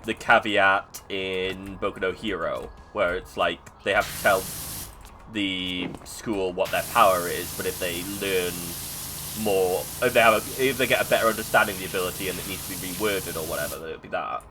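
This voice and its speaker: A man's voice: low voice, normal speed, noisy background. A British man chatting casually while streaming a game, rambling, joking and muttering to himself as he plays. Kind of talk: casual gameplay chat.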